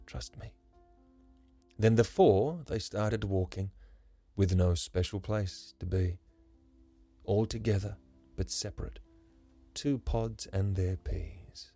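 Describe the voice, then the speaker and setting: Slow gravelly male storyteller. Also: lowish voice, warm tone. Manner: measured, lyrical. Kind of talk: rhyming story narration. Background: faint music.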